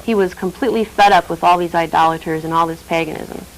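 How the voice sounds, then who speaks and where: A woman's voice: fairly low pitch, fairly even intonation, fast talker, a little hiss or hum, low-quality recording. A woman teaching a religious lesson, retelling a Bible story with dramatic emphasis.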